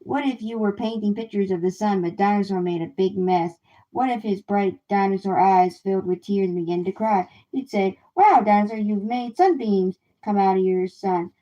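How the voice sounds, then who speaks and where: A woman reading a children's picture book aloud in a gentle, unhurried way on a livestream. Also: mid-range voice, fairly even intonation, dull audio. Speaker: storybook reader. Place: home livestream.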